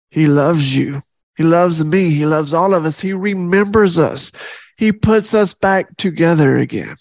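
A man's voice: fairly high pitch, no room sound. A middle-aged man hosting a faith podcast, speaking earnestly and from the heart, repeating key phrases for emphasis. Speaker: podcast host.

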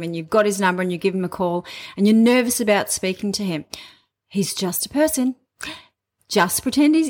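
A woman sales coach giving upbeat, emphatic advice in a casual vlog, often repeating her points. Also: medium pitch.

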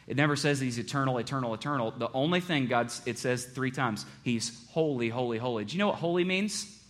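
A man preaching a sermon to a congregation, joking one moment and hushed and earnest the next. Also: mid-range voice, fairly quick. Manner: animated, joking, with big swings between loud and hushed. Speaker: pastor.

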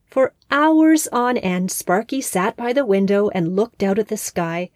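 A woman host narrating a scripted story in a calm, expressive way on a close mic. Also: medium pitch, unhurried, few pauses, dry recording.

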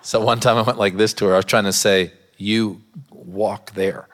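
A pastor with a somewhat low voice delivers a sermon in a church. He moves from earnest scripture talk into a humorous personal story, laughing often as he tells it. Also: fairly even intonation, fast talker.

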